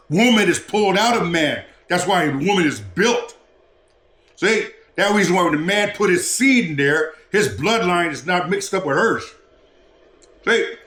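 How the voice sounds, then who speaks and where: A man's voice: fairly high pitch, fairly bright tone. Profane preachy man, echoey room. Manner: preachy, profane, rambling with restarts. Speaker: podcast guest. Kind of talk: casual street talk.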